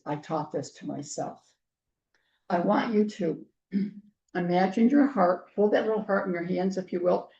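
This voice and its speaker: A woman guest speaker telling personal stories to a group, earnest and clearing her throat often as her voice gives out. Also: on the low side, dark tone. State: losing her voice. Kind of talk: personal storytelling talk. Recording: roomy, distant, dull lo-fi sound.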